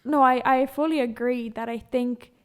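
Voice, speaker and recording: High-voiced chatty woman podcaster. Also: steady tone, normal speed, clear, resonant tone. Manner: chatty, emphatic, agreeable. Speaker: podcast co-host. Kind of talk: casual chat.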